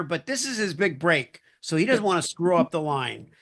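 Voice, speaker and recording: Slightly high-voiced man hosting a podcast. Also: moderate pace. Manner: animated storyteller, retelling jokes. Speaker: podcast host. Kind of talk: casual podcast conversation.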